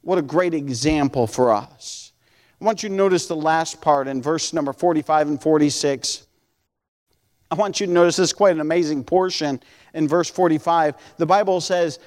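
A man's voice: fairly high pitch, darkish tone. A man preaching a sermon and reading Bible verses, earnest, stretching out key words, often restarting phrases. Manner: earnest, drawn-out emphasis with repeated restarts.

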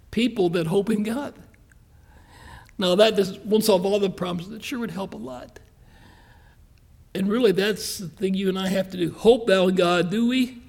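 High-voiced man preaching a folksy sermon. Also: gravelly. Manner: folksy, earnest preaching with quick asides and slow emphatic stresses. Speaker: pastor.

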